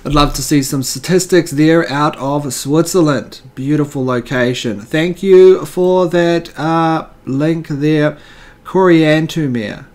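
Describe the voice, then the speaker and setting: Man, host reading jokes, rambling and wry, voice a bit high, casual delivery. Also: slow, darkish tone. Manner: rambling and wry, with fillers and self-corrections. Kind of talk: casual joke-reading commentary.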